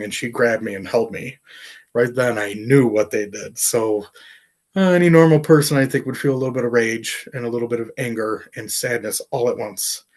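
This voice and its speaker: Earnest man telling a painful story. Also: mid-range voice. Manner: earnest, emotional, halting with fillers. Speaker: artist and professor. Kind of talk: personal storytelling interview.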